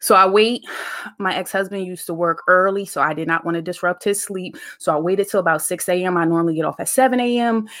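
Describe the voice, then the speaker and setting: A woman's voice: on the low side, fast talker, fairly bright tone. A woman hosting a podcast, talking in a casual, preachy, faith-based monologue full of slang. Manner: conversational, preachy, uses slang and dialect grammar. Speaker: podcast host.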